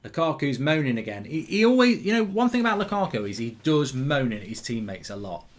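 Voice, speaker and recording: A man's voice: medium pitch, big pitch swings, a little fast. A man hosting a live football watchalong, chatting casually, reading out viewer comments, with frequent ums and restarts.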